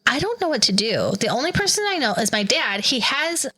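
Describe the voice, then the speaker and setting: Woman in her thirties, bright voice, a bit high, animated storyteller, casual podcast chat. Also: brisk, husky, low-quality recording. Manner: animated, lively retelling with quoted voices. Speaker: podcast co-host.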